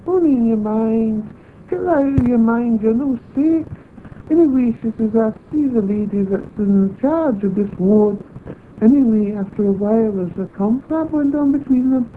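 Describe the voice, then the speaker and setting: A woman's voice: fairly high pitch, slight background noise. A woman unhurriedly recounting a personal experience, acting out remembered conversations as she goes. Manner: unhurried storytelling, acts out remembered dialogue. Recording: tinny phone-like old tape.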